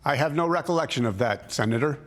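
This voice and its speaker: An actor playing an awkward, rambling witness who testifies at a hearing. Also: male voice, medium pitch, natural voice. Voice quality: halting, rambling. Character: awkward, rambling male party-crasher witness. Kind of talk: TV drama testimony.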